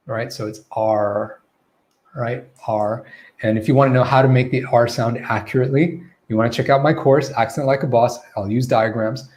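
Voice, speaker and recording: A man's voice: medium pitch, a little mellow. A man teaching pronunciation in a live online Q&A lesson, modeling vowel sounds and checking in often with "okay?" and "right?".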